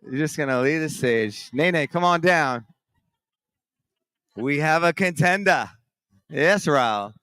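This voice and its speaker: A man's voice: on the high side, expressive, slow pace, long pauses, pushed and bright, no echo, clean studio sound. A man hosting a live morning show from a conference stage, energetically calling up contestants and beatboxing rhythms for them to dance to.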